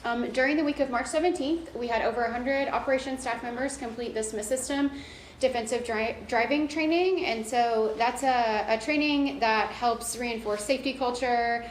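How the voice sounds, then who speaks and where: A woman's voice: a little high, normal speed. A woman presenting a transit performance report at a board meeting, walking through slides. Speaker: transit agency staff presenter. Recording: echoey room with background noise.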